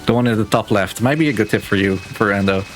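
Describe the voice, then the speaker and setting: A man speedrunning a game on a live stream, explaining his moves in a relaxed, casual way with plenty of filler words. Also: lowish voice, fast. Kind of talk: casual live gameplay commentary. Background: game music.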